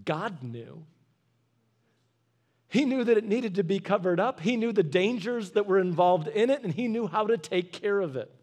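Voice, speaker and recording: Pastor, male, high for a man, earnest exhorting sermon delivery with storytelling. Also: lively intonation, normal speed, a little mellow. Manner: earnest, exhorting, repeats short commands.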